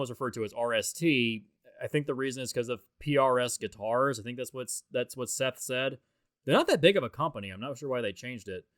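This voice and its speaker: A man with a mid-range, fairly bright voice offers a loose, chatty commentary on a film. The studio sound is clean with no echo, and he rambles, filling gaps and restarting often.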